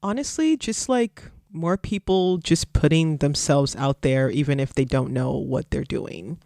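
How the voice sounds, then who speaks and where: A man's voice: fairly high pitch, a little slow, darkish tone, no room sound, clean studio sound. A man, a guest artist on a podcast, talking loosely and chattily with lots of fillers and frequent laughs. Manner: loose and chatty, heavy use of "like", laughs often. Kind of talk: casual interview chat.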